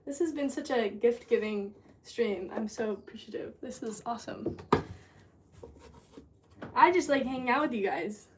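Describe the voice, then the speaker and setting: A young woman with a slightly high voice chats casually on a livestream while making pottery. She talks to her viewers and thanks them for gifts as she works. A clear hiss of noise sits behind her voice. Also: moderate pace, long pauses. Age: 20s.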